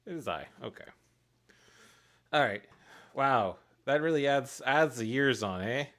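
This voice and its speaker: A man's voice: mid-range voice, expressive, unhurried, fairly bright tone. A man casually narrating his work on a live stream, thinking aloud and chuckling at his own mistakes. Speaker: streamer making pixel art for a game.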